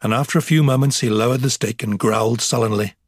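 Husky male narrator for a novel; steady, measured reading. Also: medium pitch, no room sound, clean studio sound. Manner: measured, even storytelling. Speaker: audiobook narrator. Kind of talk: scripted narration.

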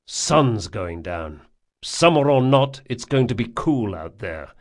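A man's voice: medium pitch, sing-song, takes it slowly. A man doing a blunt, scolding burly rogue. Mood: scolding, gruff. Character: gruff, blunt burly male thief.

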